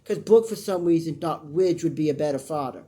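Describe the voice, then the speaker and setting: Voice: mid-range voice, brisk, dark tone. A soap opera reviewer giving a casual, rambling recap with frequent tangents and blunt opinions, acting out characters in mock voices. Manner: rambling, full of tangents and restarts.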